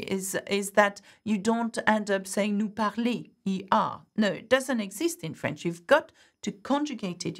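A woman's voice: mid-range voice, vocal fry. A woman teaching a French grammar lesson, patiently explaining step by step and often checking in with "okay?". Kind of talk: online language lesson.

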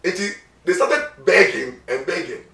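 A man's voice: sits high, sing-song, measured pace, vocal fry, fairly bright tone. A man with a Ghanaian accent, a lawyer talking emphatically in an interview, repeating words as he goes. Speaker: lawyer guest. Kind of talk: animated interview talk mixing Twi and English. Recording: echoey room, mic at a distance.

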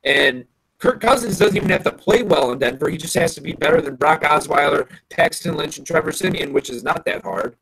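A man's voice: a little high, lively intonation, a little fast, gravelly, a crowd in the background, low-quality recording. A man co-hosting a casual sports chat, blunt and firm in his opinions. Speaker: sports podcast co-host.

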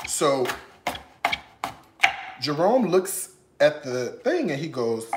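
In an echoey home kitchen with a noisy background, a man hosts his casual cooking vlog, his mid-range voice unhurried and swinging widely in pitch. He chats in a playful, sassy way, breaking into song now and then.

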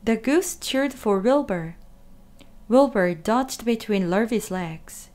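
A woman reading a children's story aloud in a gentle, expressive way. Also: a little high, takes it slowly.

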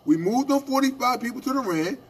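A man co-hosting a union radio show, telling animated stories in casual talk and asking "right?" after his points. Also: very high voice, brisk, husky. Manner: animated storytelling, acting out quoted exchanges, repeated "right?".

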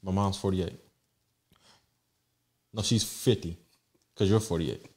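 A man's voice: deep voice, fairly even intonation, slow, darkish tone. A man co-hosting a casual chat show, teasing the guest with joking, profane banter. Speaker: podcast co-host.

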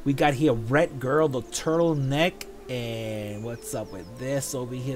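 A man hosting a casual show, chatting playfully as he reviews event items, with quick asides. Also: mid-range voice, faint music behind. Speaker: show host.

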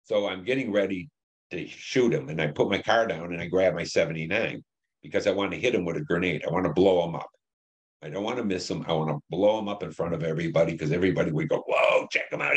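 Older man, deep voice, blunt and profane, telling war stories in an interview. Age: 70s. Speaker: Vietnam veteran interviewee. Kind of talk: recounting war memories.

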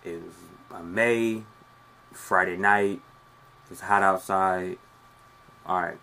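A man's voice: deep voice, steady tone, slow, pushed and bright, exaggerated voice. An actor playing a young man on a phone call who tells a rambling, profane story about a party night, defensive and streetwise. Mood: recounting. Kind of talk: scripted monologue.

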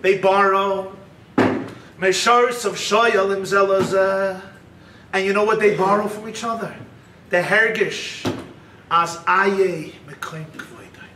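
A man, a rabbi, giving a keynote lecture that mixes teaching with storytelling, swinging between shouted emphasis and hushed low asides. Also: steady tone, slow pace. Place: large hall at a weekend retreat. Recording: echoey hall, far-off mic, faint hiss.

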